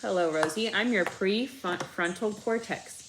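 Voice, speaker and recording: A woman doing a slow, calm, kindly storybook woman. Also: fairly low pitch, vocal fry, background noise. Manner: slow, soothing, measured. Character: calm kindly woman, the thinking part of the brain.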